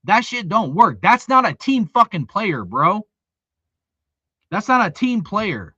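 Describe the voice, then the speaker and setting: A man's voice: high voice, very animated, takes it slowly, bright, forceful tone, slightly rough, dry recording, lo-fi sound. A middle-aged man ranting in a heated, profane monologue about youth football, peppering it with "dude" and "bro.". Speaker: youth football volunteer coach, show host.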